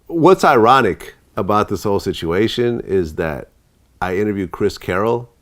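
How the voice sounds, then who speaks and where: A man's voice: on the low side, expressive, moderate pace. A man hosting an interview, giving reflective and thoughtful remarks. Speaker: interview host. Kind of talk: interview commentary.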